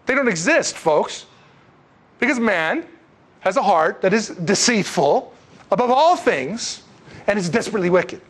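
A man delivers a sermon with rising fervor. His voice sits on the higher side and swells into loud, emphatic peaks before dropping back to quieter asides. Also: big pitch swings, unhurried, breathy edge. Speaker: preacher.

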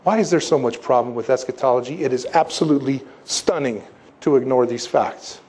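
A man preaching a sermon, emphatic and animated, posing rhetorical questions to his listeners and slipping into stories. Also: mid-range voice, a little fast, breathy edge. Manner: animated storytelling with asides. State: congested, needing tissues. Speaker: pastor.

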